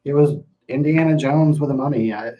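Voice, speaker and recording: A man's voice: medium pitch, brisk, lo-fi sound. A man hosting a casual livestream at home, answering chat with loose, profane talk and frequent laughter, slipping into rants. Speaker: livestream host reading chat.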